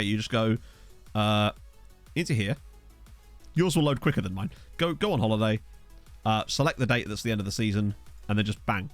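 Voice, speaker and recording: A young man casually commenting while streaming a football management game, thinking aloud and thanking viewers. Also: lowish voice. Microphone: desk USB microphone.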